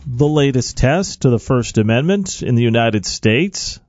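A man presenting a news update and introducing a cooking segment, with lively reactions. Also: mid-range voice, unhurried, no room sound, dull audio. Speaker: news and morning show presenter.

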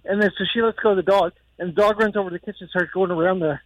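High-voiced man telling a story. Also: very fast, no echo, rough recording. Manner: animated storyteller, acting out quotes. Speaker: caller. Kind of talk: phone-in storytelling.

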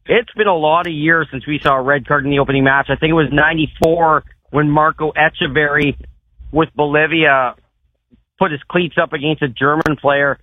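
Canadian man, superfan guest, excited rambling talk, tinny phone line, slightly high voice. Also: normal speed, no echo. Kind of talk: casual phone interview.

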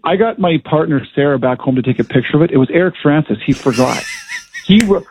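A man's voice: fairly high pitch, expressive, fast, darkish tone, slight background noise. A middle-aged man, a former hockey player turned color analyst, chatting and telling stories in a radio interview. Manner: chatty, storytelling, laughs often. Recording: tinny phone line.

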